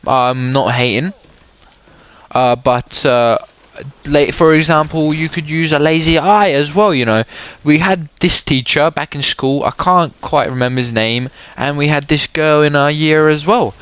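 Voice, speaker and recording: A man's voice: on the high side, unhurried, a bit bright, smooth. A young man giving casual gameplay commentary, rambling along and often stammering and repeating his words. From England. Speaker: gaming commentator.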